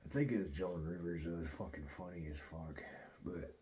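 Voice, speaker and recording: A man's voice: low-pitched, moderate pace. A man telling a long story in a loose, rambling way, full of swearing and filler words like "dude" and "like.". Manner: profane, loose, peppered with "dude" and "like"; rambling and animated in retelling. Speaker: host.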